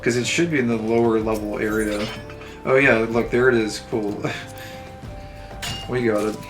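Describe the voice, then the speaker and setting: A young man talks through a game stream in a dry, sarcastic voice, musing aloud as he plays. His pitch stays flat and even, with little rise or fall. Faint game music plays underneath him. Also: moderate pace. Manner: dry, self-described heavily sarcastic, thinks aloud. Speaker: streamer playing an online game. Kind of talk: casual let's-play commentary, reading game text aloud.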